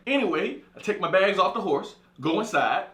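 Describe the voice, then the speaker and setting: A man's voice: high-pitched, normal speed, roomy sound. A man telling a profane comic story as a monologue, acting out the people in it. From California. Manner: animated, profane, acts out voices. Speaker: comedian storyteller.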